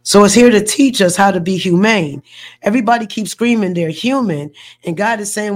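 A woman's voice: medium pitch, moderate pace, darkish tone. A woman hosting a faith podcast, talking in an emphatic, preachy way and repeating words as she builds a point. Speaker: podcast host. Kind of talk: faith discussion.

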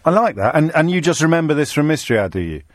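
A man hosting a radio phone-in, joking and teasing his callers in quick banter. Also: a little high, very animated, no echo. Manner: teasing, jokey. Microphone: studio mic.

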